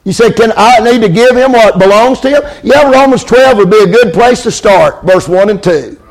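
Male preacher, high voice, sermon cadence, call-and-response amens. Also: normal speed. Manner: calls out amens, repeats lines for emphasis.

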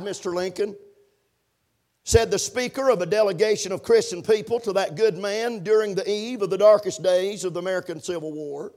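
A man preaching a sermon, punctuating his points with amens and building to shouted emphasis. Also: high voice, moderate pace. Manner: preaching with call-and-response amens, rising to shouts. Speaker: pastor.

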